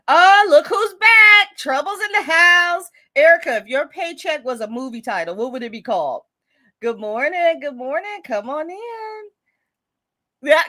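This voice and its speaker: A woman's voice: on the high side, a bit bright. A woman hosting a casual live stream, reading viewer comments and laughing often as she chats. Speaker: livestream host.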